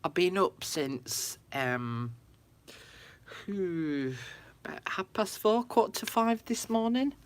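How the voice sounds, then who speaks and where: A woman's voice: fairly low pitch, animated, takes it slowly. A woman chatting casually to viewers on a craft livestream from her room at home. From United Kingdom. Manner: chatty, talks to viewers, frequent laughs.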